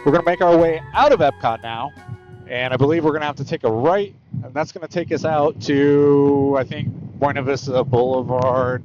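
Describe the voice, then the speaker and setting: A man's voice: mid-range voice, moderate pace, muffled recording, music in the background. Rambling man narrating a ride. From United States. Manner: rambling, chatty, self-correcting with fillers. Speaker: motorcycle vlogger. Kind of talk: casual narration while riding. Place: on a motorcycle on open roads.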